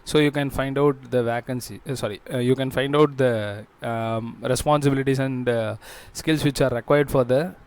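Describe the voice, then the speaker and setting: Male host, smooth even-pitched voice, explains a screen walkthrough haltingly with lots of pauses. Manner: halting, with frequent fillers and restarts. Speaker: job-listings channel host.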